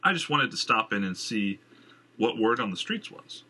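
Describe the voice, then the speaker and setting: Cast a blunt, serious man who probes with direct questions, husky and sharp, played by a man. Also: on the low side, big pitch swings, normal speed, exaggerated voice. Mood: probing. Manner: direct and probing. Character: blunt, serious man, former theater hand.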